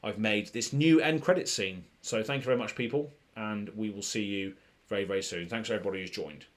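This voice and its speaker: A man's voice: on the low side, a little fast. Jokey, rambling British man streaming. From Britain. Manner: rambling and jokey, full of "um" and restarts. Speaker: streamer hosting a card pack opening. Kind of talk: casual live-stream chat.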